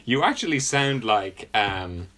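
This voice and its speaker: A man's voice: on the low side, sing-song, unhurried, bright, forceful tone, slight background noise. A British man in a casual comedic chat, rambling through self-deprecating stories. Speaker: podcast co-host.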